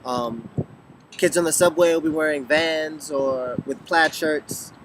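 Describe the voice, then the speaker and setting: A man's voice: fairly high pitch, slow, a bit bright, a little hiss or hum. Casual young man answering questions. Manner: thoughtful, many ums and restarts. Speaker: vlogger answering viewer questions. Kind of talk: casual talk to camera. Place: lives in Beijing.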